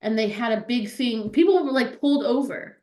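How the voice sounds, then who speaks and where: Woman, casual chat, lively swooping voice, higher pitch, echoey video-call room sound. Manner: animated and chatty, quick to laugh. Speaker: stream co-host. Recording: roomy video-call audio.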